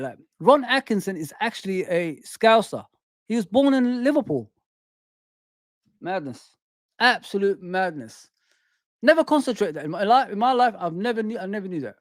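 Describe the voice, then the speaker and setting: Animated man hosting a live stream. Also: sits high, moderate pace, no echo, clean studio sound. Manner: animated, repeats phrases, reads and answers chat. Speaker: host. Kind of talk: casual live-stream chat.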